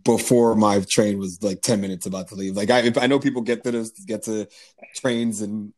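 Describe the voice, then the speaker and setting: A young man hosting a casual podcast, upbeat and joking, quick to laugh. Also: lowish voice, steady tone, a little mellow. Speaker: podcast host.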